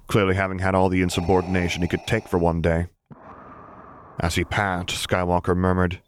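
A man reading a fan-written story aloud in steady, measured narration. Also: deep voice, a little hiss or hum. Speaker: audiobook narrator. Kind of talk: scripted narration.

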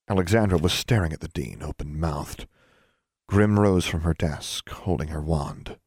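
A man narrating a story in a steady, even storytelling manner. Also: extremely low pitch, moderate pace, breathy edge, no echo, studio quality. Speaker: audiobook narrator. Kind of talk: scripted narration.

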